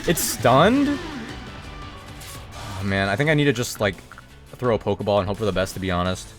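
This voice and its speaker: While streaming a video game, a man talks casually with viewers at a quick pace, breaking into high, excited yelps at in-game events. Faint music plays behind him.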